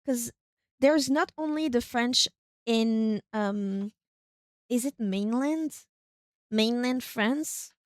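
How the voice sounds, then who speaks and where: Chatty higher-voiced woman streamer. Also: drawn-out words, long pauses, no echo, clean studio sound. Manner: rambling, thinks aloud, bursts into excited exclamations. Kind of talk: casual live game-stream chat.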